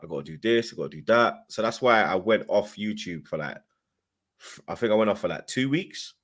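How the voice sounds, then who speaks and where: A man's voice: lowish voice, animated, brisk, fairly bright tone. A man, a podcast guest telling a story in casual, slangy chat and repeating himself as he goes.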